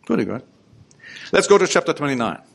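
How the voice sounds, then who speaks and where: A man's voice: fairly high pitch, big pitch swings, a little fast, gravelly. A man preaching a sermon, reading scripture aloud and stressing points with rhetorical questions. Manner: emphatic, asks rhetorical questions.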